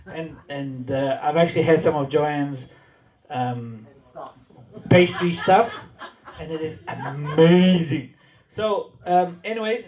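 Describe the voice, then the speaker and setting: A man's voice: sits high, a little mellow, slight background noise, poor audio. A man hosting a comedy night, chatty and a little rambling as he wraps up. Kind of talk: casual closing announcements.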